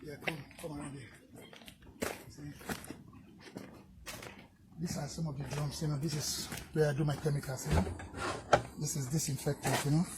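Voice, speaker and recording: A man's voice: fairly high pitch, little pitch movement, normal speed, pauses often, very noisy. A man speaking earnestly outdoors, explaining his hardship and asking for help, with "you know" after nearly every phrase. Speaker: interviewee. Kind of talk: pleading personal appeal.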